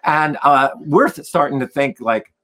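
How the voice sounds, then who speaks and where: A man telling stories in conversation as a guest musician, animated and acting out the voices of the people in them. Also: mid-range voice, measured pace. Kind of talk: storytelling in a conversation.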